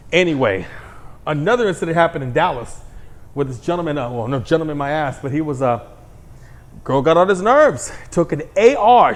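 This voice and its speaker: A man hosting his own commentary show, ranting in a blunt, heated, crude monologue. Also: a little high. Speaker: commentary host.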